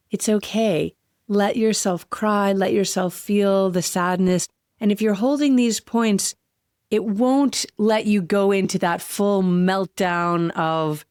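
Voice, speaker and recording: A woman's voice: mid-range voice, darkish tone, clear, resonant tone, dry recording. Earnest woman podcast host, dry close sound. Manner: heartfelt, earnest, slows down on emotional words. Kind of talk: solo podcast talk.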